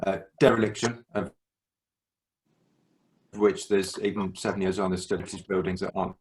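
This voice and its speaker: Very deep-voiced man presenting online. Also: fairly even intonation. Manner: halting, many fillers and restarts. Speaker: co-chair and speaker. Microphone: video call.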